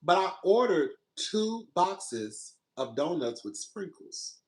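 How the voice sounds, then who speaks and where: A man's voice: high-pitched, very animated, slow pace, darkish tone. Sassy, exasperated man ranting in an echoey room. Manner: sassy, exasperated, profane, dramatic. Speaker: podcast host. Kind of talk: casual storytelling rant.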